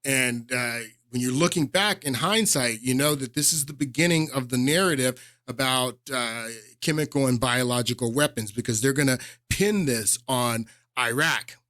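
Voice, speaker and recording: A man's voice: mid-range voice, moderate pace, sharp tone, no room sound, clean studio sound. A male podcast host giving casual political commentary, rambling with many fillers and restarts and leaning hard on his points.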